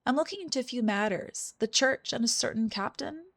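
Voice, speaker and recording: A woman's voice: on the high side, animated, brisk, vocal fry, no echo, voice pushed up. A woman reading the lines of a polite investigator questioning a priest in a game, plainly and politely. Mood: polite, inquiring. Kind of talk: reading game dialogue aloud.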